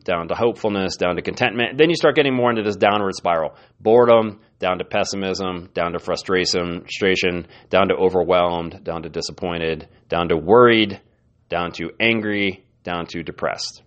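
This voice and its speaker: A man's voice: deep voice, normal speed, highs cut off. A man hosting a podcast, giving an earnest, encouraging motivational talk and often repeating his words. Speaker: podcast host.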